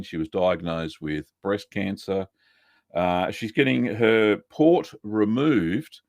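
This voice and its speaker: A man's voice: low voice, no echo, clean studio sound. A middle-aged Australian man hosting a casual live stream, chatty and greeting viewers by name with plenty of fillers.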